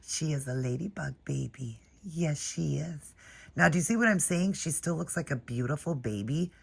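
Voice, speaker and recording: A woman's voice: deep voice, expressive, a little fast, creaky, slightly rough. A woman vlogging at home, chatting casually and gushing over an unboxing as she talks to her viewers. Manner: gushing, chatty, addresses viewers as "you guys". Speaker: doll collector vlogger.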